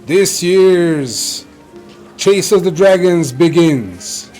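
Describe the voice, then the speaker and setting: A man playing a booming race announcer. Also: expressive, darkish tone, soft background music, heavily acted. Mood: proclaiming. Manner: slow, grand proclamations.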